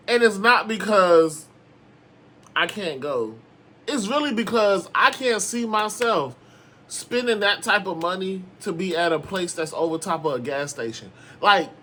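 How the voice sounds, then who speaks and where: A young man with a high, bright, forceful voice delivers sassy, animated commentary on reality TV. He breaks into sudden dramatic outbursts. Faint ambience sits behind the voice. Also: a little hiss or hum. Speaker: reality TV recap host. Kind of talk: casual commentary.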